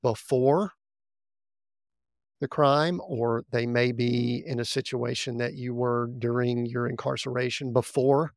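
Male host, gravelly voice, gentle and measured, dry close recording. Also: medium pitch, steady tone, no echo. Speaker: podcast host. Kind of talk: interview hosting.

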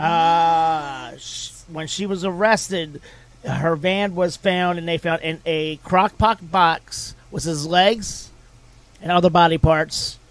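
High-voiced man hosting a rowdy chat. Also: slow pace. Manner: profane, reads news stories aloud, herds the group. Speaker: podcast host. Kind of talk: casual chat.

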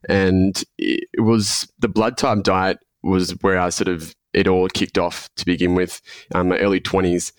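A man from Australia with a Melbourne accent, a podcast guest who talks in a relaxed way with many fillers and hedges. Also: deep voice, unhurried, smooth, no echo. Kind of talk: casual interview talk.

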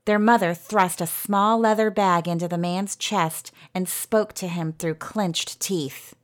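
A woman narrating a fairy tale in a gentle storytelling manner. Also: fairly low pitch, fairly even intonation, a little slow.

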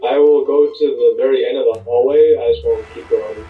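A man's voice: medium pitch, fairly even intonation, brisk. A man at a tabletop game speaks casually from away from the mic, his voice roomy and dull. Faint music sits in the background. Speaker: player. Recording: distant, dull roomy sound.

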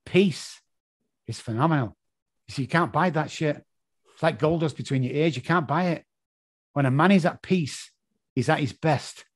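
A man's voice: a little high, normal speed, pauses often. A man with an English accent giving an emphatic motivational talk, repeating key phrases and swearing freely. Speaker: motivational speaker.

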